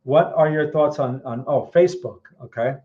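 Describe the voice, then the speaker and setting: A man's voice: mid-range voice, normal speed, dull audio. A man hosting a trading channel, answering viewer questions in casual live-stream market commentary. He is blunt and skeptical, repeats words often, and keeps checking in with "okay?" and "right?".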